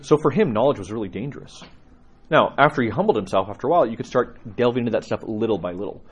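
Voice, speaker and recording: A priest with a slightly husky voice answers questions from his catechism class. His pitch swings widely as he tells stories and chuckles between points, in a lively teaching manner. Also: quick pace. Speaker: Orthodox priest.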